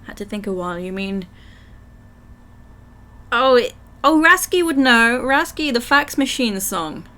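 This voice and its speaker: Slow-talking croaky woman streamer. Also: fairly high pitch, expressive, bright, forceful tone. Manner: chatty, giggly, reads chat aloud. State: croaky throat. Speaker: livestream gamer. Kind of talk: casual live gameplay chat, reading game text aloud.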